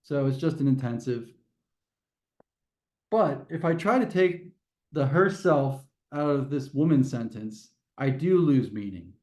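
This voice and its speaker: A man's voice: mid-range voice, expressive, a little slow, warm tone. A man teaching a test prep grammar lesson to a class, explaining step by step and often restarting his phrases.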